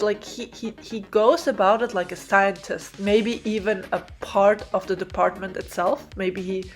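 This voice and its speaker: A woman talking in a casual, excited ramble over a drawing video, laughing often and tripping over her words. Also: mid-range voice. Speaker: video creator theorizing over a speedpaint.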